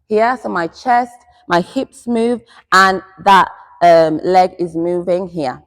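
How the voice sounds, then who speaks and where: Female dance teacher, measured slow delivery, counting out steps, reverberant studio sound. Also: medium pitch, expressive. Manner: counting beats aloud while demonstrating. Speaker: dance instructor. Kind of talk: step-by-step dance tutorial.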